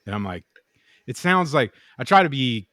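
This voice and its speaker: His mid-range voice swings widely in pitch, sounding pushed and bright at normal speed, with echo-free studio quality. A knifemaker co-hosting a podcast, he rambles through casual stories, cursing and imitating what people said.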